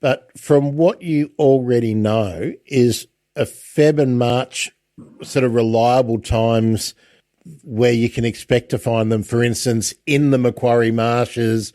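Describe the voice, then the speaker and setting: A man hosts a casual interview, chatty and quick to restart his sentences. His voice sits in a middle pitch. The sound is dry and close, with no room in it. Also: steady tone, warm tone, dry recording. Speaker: podcast host.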